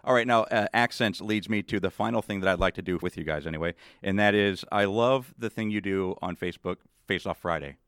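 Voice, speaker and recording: A man's voice: low-pitched, brisk, few pauses, a bit bright, clear, resonant tone, dry recording, clean studio sound. A man hosting a podcast, asking questions in an enthusiastic, joking way. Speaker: podcast host. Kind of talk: casual interview.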